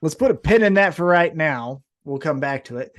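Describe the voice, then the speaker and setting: A man co-hosting a podcast, recapping wrestling in casual, profane, animated storytelling. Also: on the high side, normal speed. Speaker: podcast co-host.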